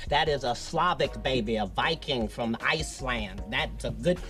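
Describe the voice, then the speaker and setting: A man's voice: medium pitch, moderate pace, fairly bright tone, faint music behind. A man making emphatic, joking casual comments.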